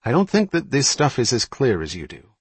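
A man's voice: mid-range voice, huge pitch swings, brisk, breathy edge, no echo, pitched above the performer's own voice. A man reading the part of a skeptical, dry male senior intelligence aide who plays devil's advocate in an audiobook. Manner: cautious, skeptical.

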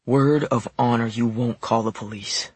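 Guy putting on a deep-voiced scared young fella, hushed and desperate, husky and close. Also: fairly even intonation, unhurried, no echo. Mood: hushed urgent. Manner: hushed, urgent questions.

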